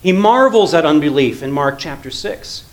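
A male pastor preaching an earnest sermon, rising to emphatic lines and dropping to quiet, low passages. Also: expressive, normal speed, poor audio. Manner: earnest preaching, swells loud then drops to quiet low tones.

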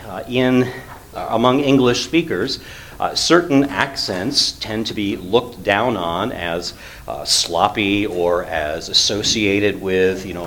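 A man with a somewhat low voice explains a Bible passage verse by verse. He talks plainly and conversationally, with frequent fillers, and leans into his points now and then. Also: a little hiss or hum. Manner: conversational, with many "uh" fillers and lively emphasis. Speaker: Bible teacher. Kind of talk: expository Bible teaching.

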